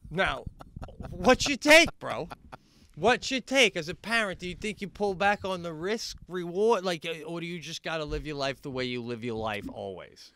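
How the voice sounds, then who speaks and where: A man co-hosting a podcast, telling a comedic story in casual chat. He talks animatedly, swears freely and jumps into high, excited outbursts. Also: normal speed. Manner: swears freely, says "bro". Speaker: podcast co-host.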